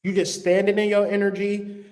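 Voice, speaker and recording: A man's voice: sits high, flat delivery, moderate pace, a little mellow. Blunt, profane man giving spiritual advice. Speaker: spiritual vlogger. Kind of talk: casual spiritual advice talk.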